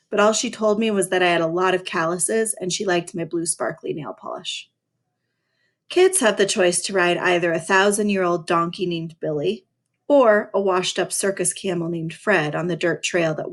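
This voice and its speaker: A woman's voice: lowish voice, fairly bright tone. A woman reading a first-person novel aloud in a dry, sarcastic voice, stopping now and then to talk to her listeners about it. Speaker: reader.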